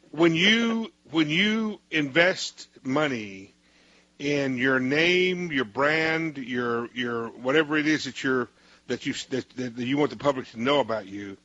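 A man's voice: mid-range voice, lively intonation, takes it slowly, bright, forceful tone, no room sound, lo-fi sound. A male host interviewing a guest, rambling with many restarts and cutting in. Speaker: show host.

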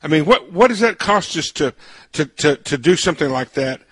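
A man's voice: a little high, animated, a little fast, husky, no echo. A man hosting a radio interview in a folksy way, often repeating words as he searches for what to say. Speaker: radio host.

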